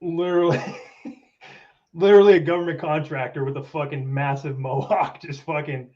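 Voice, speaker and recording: A man's voice: a little high, fairly even intonation, moderate pace, dark tone, lo-fi sound. A man chatting as a podcast guest in loose, profane banter, swearing and laughing often. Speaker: podcast guest, former contractor coworker.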